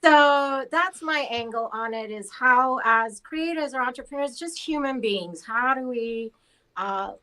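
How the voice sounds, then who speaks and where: A hoarse woman talking in a casual panel chat, chatty and laughing often. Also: high-pitched, measured pace, bright, forceful tone, rough recording. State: hoarse after laryngitis.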